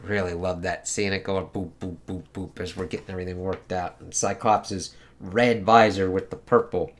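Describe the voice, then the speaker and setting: A man's voice: low voice, level tone, normal speed, soft background music. A man casually reviewing a comic book, rambling and swearing a lot, with many filler phrases.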